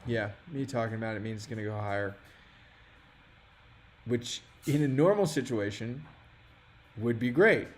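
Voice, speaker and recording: A man's voice: medium pitch, moderate pace, long pauses, a little hiss or hum. Rambling man hosting a casual livestream. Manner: frustrated, rambling, self-deprecating. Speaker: livestream host.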